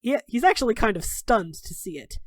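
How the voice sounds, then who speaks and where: A woman running a tabletop game as game master, narrating in a casual, relaxed way. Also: on the high side, brisk, no room sound, studio quality.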